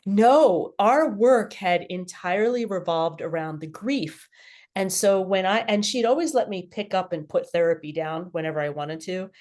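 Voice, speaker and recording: A woman's voice: medium pitch, moderate pace. A middle-aged woman, a podcast guest, telling her personal story candidly and with animation. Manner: candid, animated, laughs at herself.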